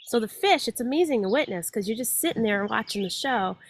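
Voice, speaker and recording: A woman in her forties, a guest in a casual chat, telling stories in an animated way with plenty of fillers. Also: on the high side, brisk, slight background noise.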